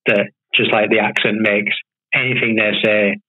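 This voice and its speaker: A man's voice: lowish voice, flat delivery, moderate pace, slightly rough. Laid-back male comedian on a dull call line. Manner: laid-back, many fillers and hedges. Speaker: guest comedian. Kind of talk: casual chat interview.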